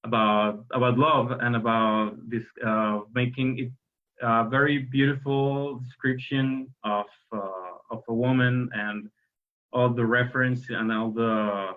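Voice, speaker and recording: A man's voice: mid-range voice, steady tone, a little slow. A man, a musician guest talking hesitantly in an interview, full of fillers and restarts. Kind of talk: explaining interview talk. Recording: dull lo-fi audio.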